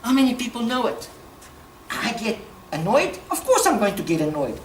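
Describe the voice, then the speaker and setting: A woman from Africa, giving a passionate public talk, emphatic and quick to laugh. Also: on the high side, a little hiss or hum. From South Africa. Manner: animated, emphatic, laughs often. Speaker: speaker at a talk. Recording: echoey room, distant mic, faint ambience.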